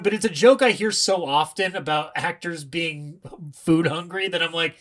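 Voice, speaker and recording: A podcast co-host in a casual film analysis chat, animated and laughing often. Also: mid-range voice, moderate pace.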